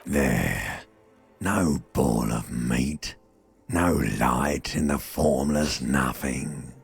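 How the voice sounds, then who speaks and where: Casting: the ancient reptile brain of a game, Cockney, deeply gravelly and husky, unhurried, over faint music. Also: male voice, exaggerated voice. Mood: soothing. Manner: slow, intimate, coaxing narration. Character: ancient reptilian brain, male, primal, soothing. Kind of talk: video game voice acting.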